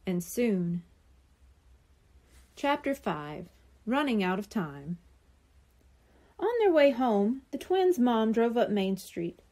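Library storyteller, female, mellow tone, lively and expressive read-aloud. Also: on the high side, slow. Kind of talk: reading a children's book aloud.

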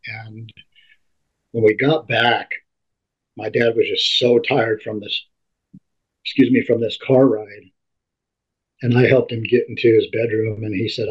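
A man being interviewed, telling a personal story in halting speech that often repeats and restarts words. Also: lowish voice, flat delivery, husky. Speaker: interview guest. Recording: dull lo-fi recording.

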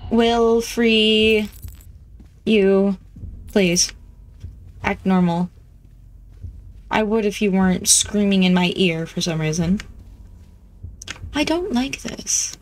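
A woman chatting playfully as she plays a video game, easily excited. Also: medium pitch, slow, pauses often. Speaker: gameplay streamer. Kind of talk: casual gameplay commentary.

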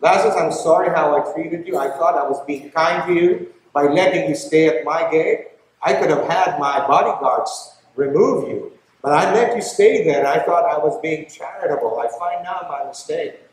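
A man's voice: a little high, moderate pace, lightly acted. A preacher voicing a proud rich man pleading. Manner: pleading yet haughty. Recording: very echoey church hall.

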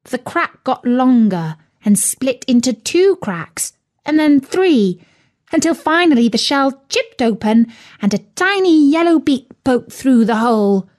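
Woman reading a kids story slow and clear, voice goes all over the place. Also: on the high side, darkish tone. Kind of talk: storybook narration for learners.

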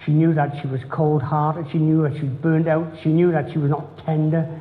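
Brief: a middle-aged man preaching earnestly, fairly high voice, roomy church echo. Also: level tone, normal speed. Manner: earnest, repetitive, preacherly cadence. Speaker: pastor. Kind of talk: sermon. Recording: tinny phone-like sound in echoey church hall.

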